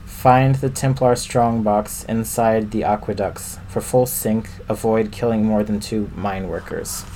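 A man's voice: fairly low pitch, fairly even intonation, unhurried, warm tone, a little hiss or hum. A man co-hosting a podcast, steadily reading out a video game walkthrough with small fillers. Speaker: podcast co-host.

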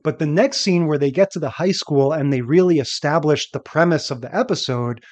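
A man's voice: on the high side, fairly quick, darkish tone. A man co-hosting a casual podcast, musing about a TV episode in a reflective way, with a few stammered restarts. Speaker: podcast co-host.

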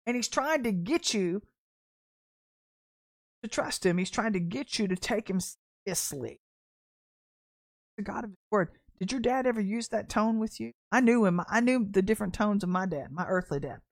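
A woman preaches in a loose, conversational way for her podcast, slipping into anecdotes and laughing as she tells them. Her voice sits at an ordinary middle pitch, and she acts out the people she quotes. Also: normal speed, long pauses. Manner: animated storytelling with laughter and acted quotes. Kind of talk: casual sermon.

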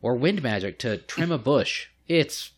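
A man's voice: mid-range voice, unhurried, slightly rough. A man co-hosting a casual podcast, telling a long story with lots of swearing and mimicked voices. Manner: profane, animated retelling with mimicked voices. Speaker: podcast co-host.

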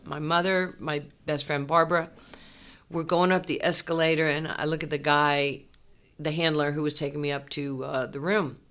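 A woman, a former athlete telling her life story in an interview, animated and laughing often. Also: low voice. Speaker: interview guest, former basketball player. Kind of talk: candid personal storytelling.

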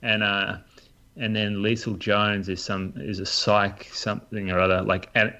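A man's voice: on the low side, little pitch movement, a little slow, bright, forceful tone, highs cut off. A man, a podcast co-host and running coach, giving opinions in casual chat.

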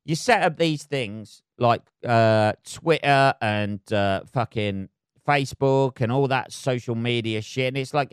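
A man's voice: medium pitch, unhurried, smooth, no room sound, clean studio sound. A man hosting a solo comedy podcast, rambling loosely and swearing constantly as he chats.

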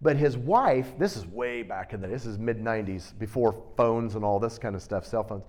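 A middle-aged man preaching a sermon, teaching with animated, emphatic bursts and storytelling. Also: fairly low pitch, normal speed.

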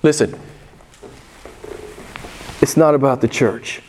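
A man's voice: medium pitch, takes it slowly, darkish tone, a little hiss or hum. A male pastor preaching a sermon, emphatic and repeating his key phrases for weight.

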